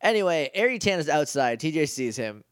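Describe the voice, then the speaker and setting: A young man co-hosting a podcast, casually recapping a show with jokes and quick quoted voices. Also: a little high, big pitch swings, no echo, studio quality. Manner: joking, retells scenes with quick quoted voices. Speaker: podcast co-host. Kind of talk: casual comedic recap chat.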